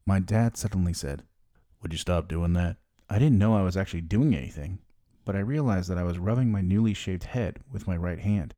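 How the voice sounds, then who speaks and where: Middle-aged man, wry candid storyteller, very deep voice, warm dark tone, dry close mic. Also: fairly quick, no room sound. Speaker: podcast host. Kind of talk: scripted personal narration.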